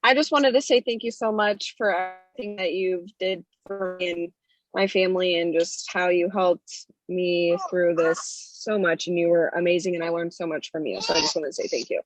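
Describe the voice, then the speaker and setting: A woman's voice: lowish voice, normal speed, no echo, low-quality recording. A woman, a student, earnestly thanking her professor on a video call.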